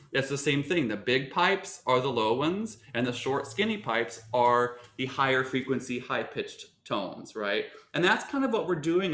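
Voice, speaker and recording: A man's voice: mid-range voice, a bit bright, roomy sound. A man giving a lecture on singing technique to teachers, explaining at length with many fillers and restarts.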